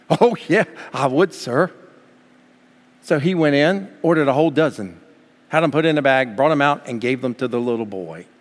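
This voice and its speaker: A man's voice: mid-range voice, fairly quick. A man preaching a sermon as pastor, from the United States, building to fervent emphasis. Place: church sanctuary. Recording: long hall reverb.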